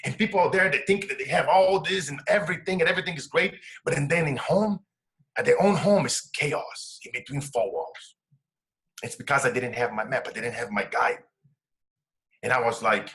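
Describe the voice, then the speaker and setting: A man's voice: mid-range voice, lively intonation, fairly quick, pushed and bright. A middle-aged man from Brazil with a Brazilian Portuguese accent, a success coach telling a personal story in earnest, broken English.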